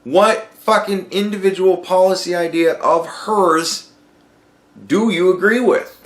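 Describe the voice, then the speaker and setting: A man's voice: sits high, steady tone, unhurried, echoey room. A man hosting a podcast, telling a profane story in a casual, ranting monologue. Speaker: podcast host.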